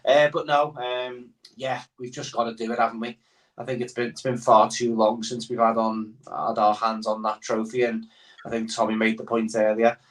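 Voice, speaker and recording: A man's voice: mid-range voice, little pitch movement, moderate pace. A man chatting as a guest on a football podcast, rambling with many fillers. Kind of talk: casual football podcast chat. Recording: voice somewhat far from the mic.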